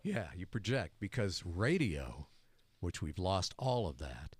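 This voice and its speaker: A man's voice: low voice, sing-song, unhurried, darkish tone, breathy edge. A man appearing as a guest, a former radio program director, chatting and reminiscing in a radio studio. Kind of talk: casual radio studio chat.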